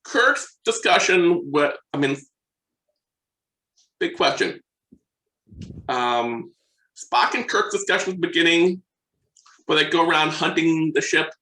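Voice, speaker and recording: Bright-voiced man in an echoey room. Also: a little high, slow, long pauses. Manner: enthusiastic, checks his notes, trails off mid-thought. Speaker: podcast co-host. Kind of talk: casual chat.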